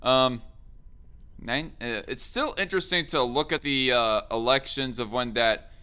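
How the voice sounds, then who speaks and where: A man's voice: mid-range voice, a little slow, pushed and bright, smooth. A man hosting a casual political chat, thinking aloud with many fillers and restarts. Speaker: host.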